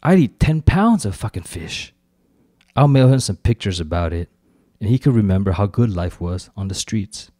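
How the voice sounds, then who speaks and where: A man's voice: fairly low pitch, lively intonation, moderate pace, warm tone, no echo. A man reading his own fiction aloud at a live event, telling a first-person story with gritty street slang and brief put-on voices for quoted characters.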